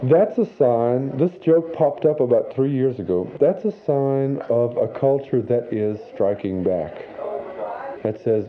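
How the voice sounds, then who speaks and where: A man's voice: medium pitch, takes it slowly. A man explaining his views in a thoughtful documentary interview. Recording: phone-like recording with faint noise.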